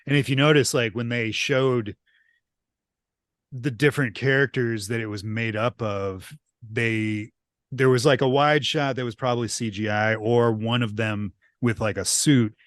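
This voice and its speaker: A man co-hosting a podcast, chatting casually about horror movies and chiming in with quick agreement. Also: mid-range voice, steady tone, a bit bright, no room sound, clean studio sound. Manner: easygoing, agreeable, quick interjections. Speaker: podcast co-host.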